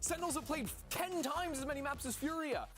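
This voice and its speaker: A man on an esports analyst desk, measured and stat-driven in casual chat. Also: very high voice, a bit bright, faint music behind.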